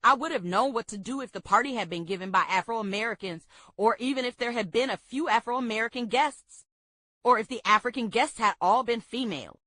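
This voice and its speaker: A woman reading a memoir aloud for a book club, steady and measured. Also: a little high, no room sound.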